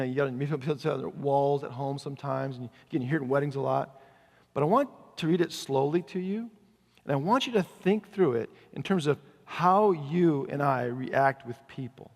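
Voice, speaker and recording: A man preaching a sermon in a casual, conversational way, slowing down to read scripture aloud. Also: fairly high pitch, vocal fry, a little mellow. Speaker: pastor. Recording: long reverb of a large hall.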